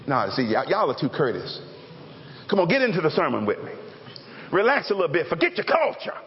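A pastor preaching a lively, joking sermon and calling out to the congregation. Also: male voice, a little high, a little fast, a little hiss or hum. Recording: echoey hall, dull lo-fi sound.

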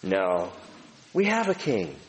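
Animated pastor preaching in a reverberant hall. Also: male voice, a little high. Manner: emphatic, rising preaching delivery with slow stressed phrases. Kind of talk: sermon. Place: large auditorium.

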